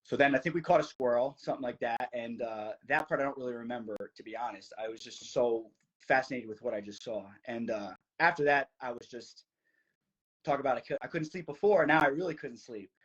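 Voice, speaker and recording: A young man from New Jersey, a podcast guest, telling a story in casual chat, fast and eager, full of "like" fillers. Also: medium pitch, breathy edge, lo-fi sound. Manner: excited, fast, many "like" fillers.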